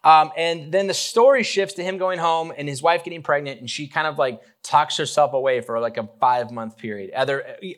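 A man preaching a relaxed, conversational sermon, joking with the congregation and talking with many fillers and restarts. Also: fairly high pitch, fairly quick, few pauses. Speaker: pastor.

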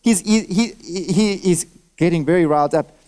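A man preaching a sermon to his church, lively and direct, throwing out rhetorical questions and asking the congregation for nods and amens while wearing a mask. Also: high voice, normal speed, smooth. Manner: talks directly to listeners, asks for nods and amens. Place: church service.

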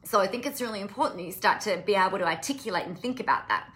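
A woman's voice: medium pitch, animated, rapid-fire, fairly bright tone. A woman business coach talking casually to camera, impassioned and blunt, swearing freely. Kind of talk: casual live-stream talk to camera.

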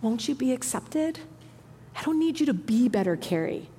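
A woman in her thirties preaching a sermon with passion, moving between hushed, soft lines and emphatic ones. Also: on the high side, animated, normal speed, slight background noise. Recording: long hall reverb.

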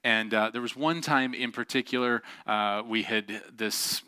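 A man's voice: lowish voice, a little slow, clean tone, no echo. A man giving a casual, story-driven sermon, animatedly acting out the voices of the people in his stories. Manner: animated, acts out quoted voices. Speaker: preacher.

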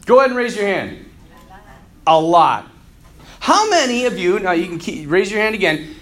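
A man giving an energetic, jokey Catholic talk to a group, acting out characters in his stories. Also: high voice, moderate pace. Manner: energetic and jokey, acts out quoted characters, clears throat often. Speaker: Catholic speaker who does marriage counseling. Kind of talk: animated preaching talk to a youth audience.

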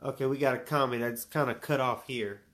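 A woman, co-hosting a casual chat and dropping quick joking comments. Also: a bass voice, fairly even intonation, fairly bright tone. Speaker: co-host.

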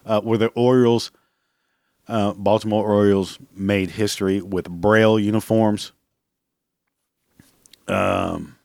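A man's voice: fairly low pitch, no echo, studio quality. A man hosting a podcast, ranting casually and bluntly, swearing freely and laughing at his own jokes. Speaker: podcast host. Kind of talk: casual solo rant.

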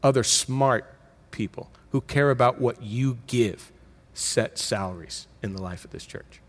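A middle-aged man, a pastor, preaching a sermon in a conversational way, with emphatic rises and quick self-corrections. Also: mid-range voice.

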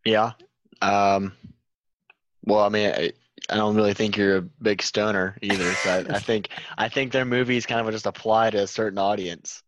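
A young man co-hosting a podcast, talking casually and hesitantly with lots of fillers, often trailing off quietly. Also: lowish voice, level tone, moderate pace, dry recording, muffled recording. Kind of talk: casual chat.

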